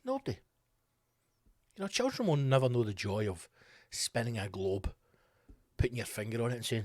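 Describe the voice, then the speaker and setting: A man's voice: mid-range voice, wildly swooping pitch, fairly quick, long pauses, no echo, studio quality. A man hosting his own podcast, delivering a sweary, sarcastic comedic rant. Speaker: podcast host. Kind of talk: ranting comedic monologue.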